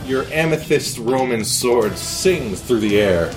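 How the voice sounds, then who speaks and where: A man's voice: mid-range voice, lively intonation, slow pace, music in the background. A man narrating a tabletop game as game master, playful and vivid.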